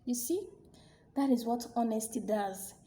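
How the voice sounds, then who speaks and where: A woman narrating a folk tale in an animated, expressive storytelling manner. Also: fairly high pitch, a little slow.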